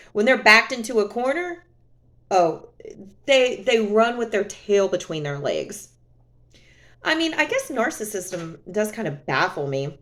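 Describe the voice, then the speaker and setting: A woman vlogging to camera in a casual, sarcastic, exasperated way. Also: fairly high pitch.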